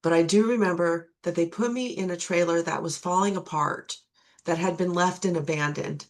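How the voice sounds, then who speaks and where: A woman's voice: lowish voice, normal speed. A middle-aged woman sharing her recovery testimony, earnest and repeating key phrases for emphasis.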